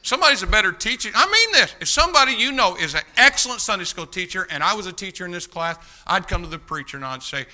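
A man preaching with a very bright, cutting tone and a voice sitting a little high. He tells a folksy story and then exhorts young people. He moves between hushed asides and loud, rising calls. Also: very animated, fast, few pauses. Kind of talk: sermon.

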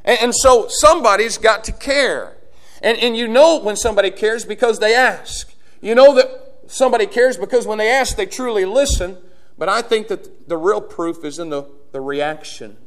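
A man preaching a sermon, dropping to a hush and then building to loud, urgent appeals to the congregation. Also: sits high, moderate pace. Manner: swings from hushed to shouting, preaching to a congregation.

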